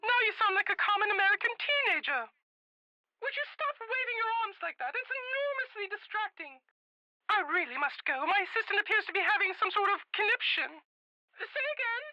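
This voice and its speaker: A woman's voice: very high-pitched, big pitch swings, fairly quick, pushed and bright, no echo, dull audio, full character voice. An actress voicing a haughty elderly society chairwoman in a video game, prim and theatrical. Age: older. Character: haughty elderly rich society woman, fussy.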